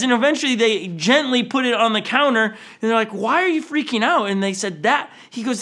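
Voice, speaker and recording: A young adult male pastor telling a story in a sermon, animated and acting out what people said. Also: very high voice, a little fast, hardly any pauses.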